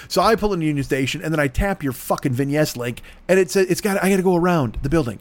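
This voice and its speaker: Man, high voice, exasperated profane rant, mocking impressions, dry close sound. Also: fast talker, few pauses, dry recording.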